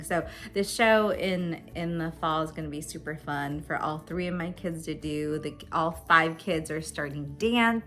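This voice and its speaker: A woman's voice: lowish voice, sharp tone. A woman in her thirties chatting casually to camera as a homeschooling mom, laughing often between her fillers. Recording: faint music behind. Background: faint background music.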